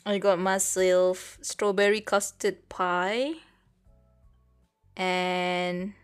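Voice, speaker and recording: A woman's voice: fairly low pitch, fairly even intonation, drawn-out words, smooth. A young Malaysian woman with a Malaysian English accent, chatting casually on her livestream and switching between English and Malay. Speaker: VTuber streamer. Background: faint background music.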